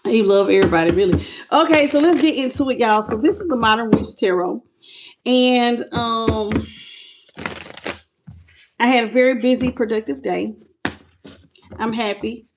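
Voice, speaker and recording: High-voiced woman chatting on a live stream. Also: normal speed, pauses often, background noise. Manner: chatty and affectionate, greets viewers by name with pet names. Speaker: tarot reader hosting a live stream. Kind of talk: casual live-stream chat. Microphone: phone on a stand.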